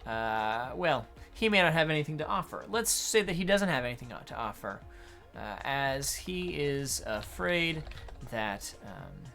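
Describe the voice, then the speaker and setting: A man acting as a game master, explaining adventure design in an unhurried tutorial talk while thinking aloud. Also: mid-range voice, expressive, vocal fry, bright, forceful tone, faint music behind.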